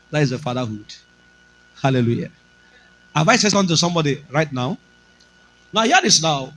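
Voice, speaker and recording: Nigerian-accented male pastor, emphatic sermon delivery, high lively voice. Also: normal speed, pauses often, poor audio. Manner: emphatic preaching, slipping into Pidgin.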